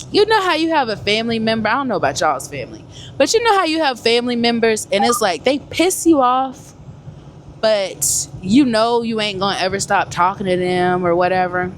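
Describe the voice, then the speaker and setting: A woman truck driver chatting casually to her viewers from the cab while driving, animated and talkative. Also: fairly high pitch. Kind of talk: casual vlog chat to viewers. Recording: loud road and engine noise. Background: truck road noise.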